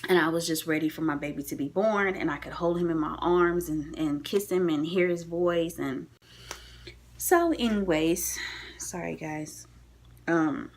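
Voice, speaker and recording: A woman's voice: low-pitched, steady tone, normal speed, hardly any pauses. A young woman vlogging from a hospital room, candidly and emotionally telling the story of her labor. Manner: emotional, candid, tearful at times. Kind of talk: personal storytelling vlog.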